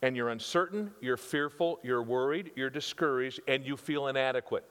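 A man's voice: medium pitch, normal speed, a bit bright, smooth. An older man preaching a conversational sermon, with emphatic repetition and rhetorical questions to his congregation. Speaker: pastor. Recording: reverberant hall sound.

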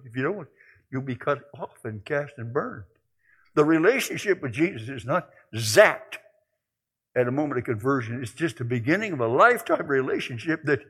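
An older man preaching a sermon, telling folksy stories and moving between quiet musing and loud exclaiming. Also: mid-range voice, slightly rough. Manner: folksy storytelling.

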